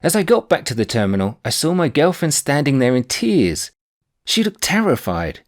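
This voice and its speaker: A man reading his own book aloud, telling a personal anecdote in a wry, animated way. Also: fairly high pitch, normal speed. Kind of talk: audiobook narration of a personal anecdote.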